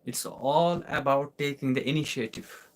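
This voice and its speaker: A man's voice: medium pitch, normal speed. A young man from Kashmir with an Indian accent, an English teacher answering viewer questions in a live class, explaining with repeated rhetorical questions.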